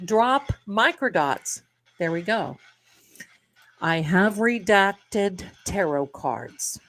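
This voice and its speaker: A woman's voice: medium pitch, animated, extremely slow, fairly bright tone. A middle-aged woman hosting a live tarot stream, chatting casually and rambling to her viewers, calling them her darlings.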